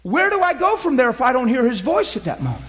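A middle-aged man with a notably high-pitched voice teaches a class in the style of a sermon. He tells personal stories with animated emphasis and laughs often. He keeps asking his listeners whether they get it. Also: fast talker. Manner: emphatic, asks listeners questions.

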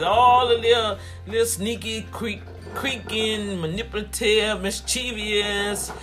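A preacher delivering a fervent sermon, urging the congregation to respond and repeating phrases in bursts that swing between loud and soft. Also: mid-range voice. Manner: fervent, repetitive call-and-response, big swings in loudness.

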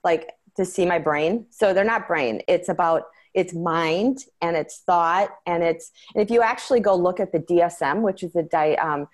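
Woman, interview guest, lowish voice, earnest, many fillers and restarts. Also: normal speed, hardly any pauses. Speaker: interview guest, medication-transparency advocate. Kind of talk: conversational interview.

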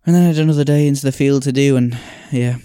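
A man's voice: mid-range voice, steady tone, fast talker, mellow, clear, resonant tone, no echo, studio quality. A man hosting a podcast, telling a story in a reflective, casual way with frequent sighs and fillers. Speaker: podcast host. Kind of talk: casual storytelling and reading aloud.

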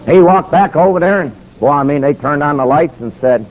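A man's voice: fairly quick, few pauses. A man preaching, telling a story and acting out the quotes. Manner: animated, acts out quotes with shifting pitch. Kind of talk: sermon storytelling. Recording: slightly dull recording with faint noise.

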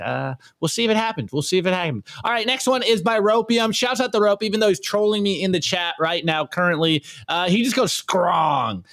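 Upbeat higher-voiced man hosting a meme review. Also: no room sound. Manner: energetic, laughs often, slangy. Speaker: podcast host.

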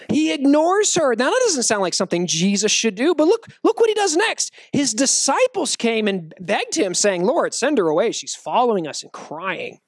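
Animated male youth preacher, jokey, acts out voices, very lively pitch, dry sound. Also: vocal fry, dry recording. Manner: animated, joking, acts out quotes. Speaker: youth pastor. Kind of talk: youth sermon.

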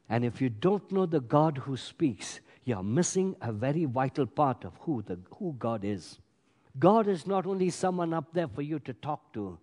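A man preaching a sermon as pastor, emphatic, swinging between loud bursts and quiet asides. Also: mid-range voice. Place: large church hall. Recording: long hall reverb. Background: congregation.

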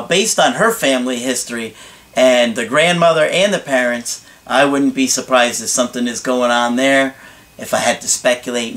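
A male relationship coach in the middle of his pitch range, reading a viewer's letter and breaking off to weigh in. He talks frankly and directly and keeps throwing pointed rhetorical questions back at the writer. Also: a bit bright. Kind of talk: reading and commenting on a viewer's email.

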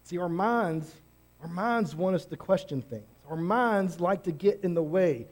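A male pastor delivering a sermon. His voice sits high for a man, and he talks in a conversational, energetic way, leaning hard on the key words. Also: unhurried.

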